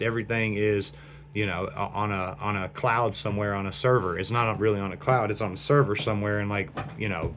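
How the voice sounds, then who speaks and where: A man with a lowish voice talks into his phone in a loose, wandering monologue, trailing off and restarting his sentences often. A faint hum runs underneath the recording. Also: a bit bright. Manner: meandering, full of fillers and restarts. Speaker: vlogger. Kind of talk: rambling speculative monologue.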